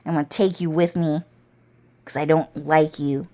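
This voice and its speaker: A woman acting out a spiteful evil being, speaking in a low, cold, menacing voice. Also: level tone, moderate pace, warm tone, natural voice.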